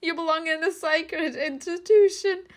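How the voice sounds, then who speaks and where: A woman's voice: extremely high pitch, measured pace, pitched above the performer's own voice. Woman putting on a screeching game mother, enraged, swearing. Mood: shrill. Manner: screeching, cursing. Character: shrieking furious middle-aged mother.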